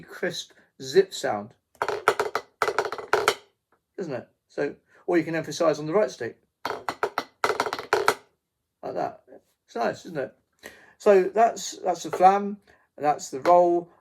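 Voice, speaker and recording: Gravelly man teaching drum basics. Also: on the high side. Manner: halting, many fillers and restarts, counts beats aloud. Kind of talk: casual drum lesson. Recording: faint noise with drum pad clicks.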